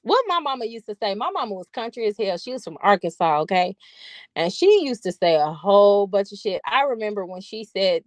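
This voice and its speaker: A woman's voice: mid-range voice, very animated, a little fast, no room sound. Profane, chatty woman vlogger. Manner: profane, loose and colloquial; chatty, laughing asides. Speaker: vlog host. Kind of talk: casual storytelling monologue.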